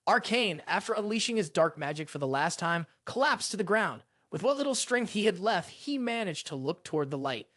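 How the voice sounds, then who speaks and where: A recap narrator tells a fantasy saga, the pitch rising and falling in lively arcs. The sound is close and dry with no room around it. Every character's line comes out in the same narrating voice. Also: no room sound. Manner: reads all characters' lines in the same narrating voice. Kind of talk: dramatic story recap narration.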